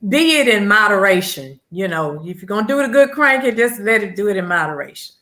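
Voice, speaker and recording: A woman's voice: medium pitch, sing-song, pushed and bright. Supportive woman on a video call. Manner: affirming, supportive, quick to agree. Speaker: participant. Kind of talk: casual group video chat.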